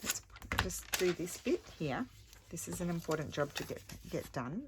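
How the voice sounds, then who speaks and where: A woman's voice: fairly low pitch, animated, moderate pace, heavy background noise. A middle-aged woman chatting casually as she crafts, thinking aloud and poking fun at herself. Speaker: craft vlogger. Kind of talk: casual crafting tutorial chat.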